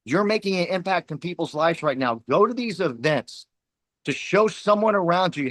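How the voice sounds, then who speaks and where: A man's voice: high voice, animated, moderate pace, a bit bright, no echo. A man giving a fiery, preachy motivational pep talk to his team, hammering points with repetition. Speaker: team leader speaking at a company huddle.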